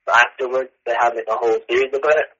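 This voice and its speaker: A man's voice: mid-range voice, fairly even intonation, racing, bright, forceful tone, husky, no room sound, highs cut off. A man, a podcast guest, chiming in with short, dry remarks. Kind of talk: casual chat.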